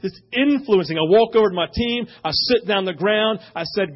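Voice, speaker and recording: Pastor guy preaching, fairly high voice, jumps loud to quiet, kinda muffled lo-fi church audio. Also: normal speed, hardly any pauses, slightly rough. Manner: animated storytelling, swings from loud to hushed. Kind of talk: sermon.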